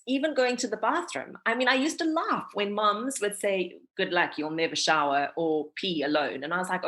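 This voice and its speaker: A woman's voice: mid-range voice, moderate pace, a bit bright. A South African woman in her thirties, a radio presenter, chatting candidly as a podcast guest and laughing often. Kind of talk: casual interview chat.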